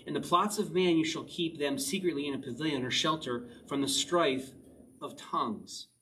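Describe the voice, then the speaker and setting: Casual male pastor, chatty sermon with questions and chuckles, a bit high, recorded slightly off-mic. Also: normal speed, pushed and bright, distant mic, a little hiss or hum, poor audio. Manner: conversational, asks the listeners questions, chuckles often. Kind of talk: casual sermon, reading and explaining a psalm.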